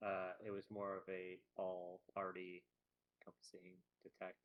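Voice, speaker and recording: A man's voice: low-pitched, monotone, moderate pace. Self-mocking man on a dull mic. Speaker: player. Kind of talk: casual tabletop chat.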